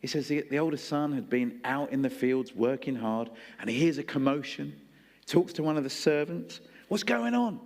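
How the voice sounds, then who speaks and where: A man's voice: medium pitch, normal speed, darkish tone. A male preacher delivering a sermon in a conversational storytelling style, acting out voices. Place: church hall. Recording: long hall reverb.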